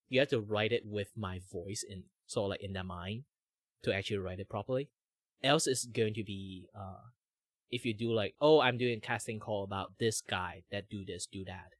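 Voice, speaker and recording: A man from Malaysia with a Malaysian accent, whose first language is Chinese, chatting casually as a vtuber streamer. He talks loosely with many fillers. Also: dry recording. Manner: switches between a higher voice and a deep relaxed voice. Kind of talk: casual chat.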